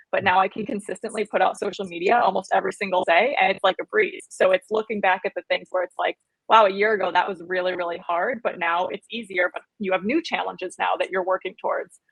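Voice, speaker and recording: Husky-voiced woman, earnest and reflective. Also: mid-range voice, steady tone, fast talker, hardly any pauses, no room sound, rough recording. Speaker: guest fitness trainer. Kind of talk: casual podcast chat.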